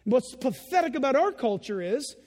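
A man preaching a sermon in an animated way, acting out the voices of children and laughing as he goes. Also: very high voice, moderate pace, in a large hall. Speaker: pastor.

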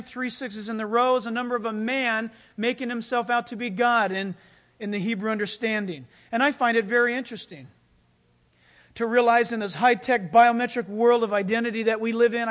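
A man preaching a sermon, telling personal stories in an animated, storytelling way and chuckling mid-sentence. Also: very high-pitched. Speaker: pastor.

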